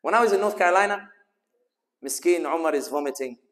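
A man's voice: a little high, fast, a bit bright, long reverb tail. A man with a London accent giving a speech at a community dinner, mixing rousing rhetorical questions with humorous storytelling. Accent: London English. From United Kingdom. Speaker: guest speaker.

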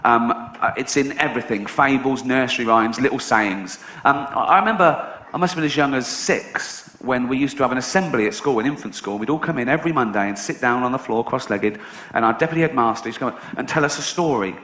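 A man's voice: mid-range voice, fairly quick, hardly any pauses, pushed and bright, dull audio. A middle-aged man doing a stand-up routine, telling a story sardonically and swearing casually. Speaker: stand-up comedian. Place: live stage show.

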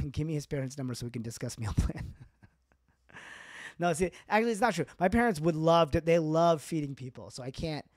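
A man's voice: fairly high pitch, brisk, a little mellow, dry recording, studio quality. A man doing a comedian's casual stand-up bits on a livestream, rambling and self-deprecating, laughing at his own jokes. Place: indoors, livestream.

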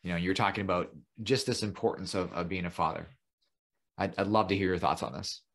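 A man's voice: low voice, steady tone, fast talker, creaky, a bit bright. A man hosting a podcast, chatting casually and praising his guest with enthusiasm. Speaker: podcast host. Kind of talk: casual interview talk.

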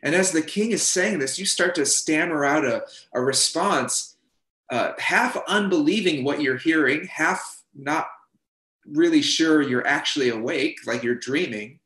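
A man's voice: fairly high pitch, unhurried, a bit bright. Guy preaching, tells the story like you're in it, acts out the lines, roomy echo. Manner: retells a story vividly, voicing the characters' lines, with some restarts. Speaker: pastor. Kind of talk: sermon, second-person storytelling. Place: church.

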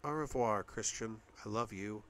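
A man's voice: fairly low pitch, moderate pace, a bit bright, close to an everyday voice. A man voicing a playful teasing young woman.

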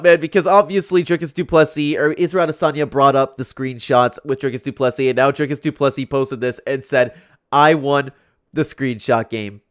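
A young YouTube commentator reacts to fight clips in casual chat, chatty and laughing often, filling his talk with "like." His voice is a little high with a fairly bright tone.

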